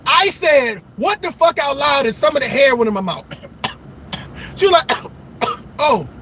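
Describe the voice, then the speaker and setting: A very high-pitched man with a bright, sharp voice tells stories in a casual monologue. His voice swings up and down as he talks, and he swears and laughs along the way. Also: measured pace, slight background noise, poor audio. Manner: animated, profane, laughs at his own stories. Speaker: commentator giving dating advice.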